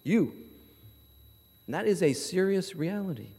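High-voiced man preaching in a hall. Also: unhurried, husky. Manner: animated storytelling, acts out voices in his anecdotes. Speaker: pastor. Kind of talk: sermon.

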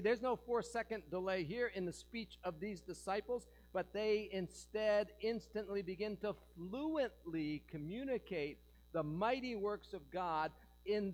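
A male pastor preaching in a church, his voice sitting high for a man. He keeps things animated, tossing jokes and rhetorical questions to the congregation. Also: low-quality recording. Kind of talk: sermon.

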